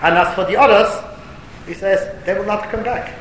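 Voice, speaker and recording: A man's voice: normal speed, a bit bright. A man giving a Torah lecture as a rabbi answering a question, telling stories and rising to emphatic declamation, with Hebrew and Yiddish terms mixed in. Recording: echoey hall with faint rumble.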